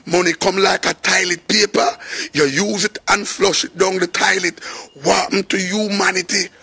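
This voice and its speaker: A man's voice: high-pitched, steady tone, moderate pace, vocal fry, pushed and bright, breathy edge. A man with a Jamaican accent makes an impassioned spoken appeal in a preaching, urgent way, sometimes slipping into sung phrases. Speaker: reggae artist.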